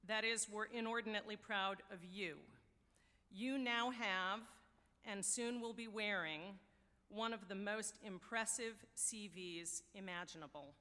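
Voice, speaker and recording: American woman, university official, podium speech, bright voice, long hall reverb. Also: medium pitch. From United States. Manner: wry, anecdotal, measured. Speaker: university deputy provost. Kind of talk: ceremonial address. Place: large ceremony hall.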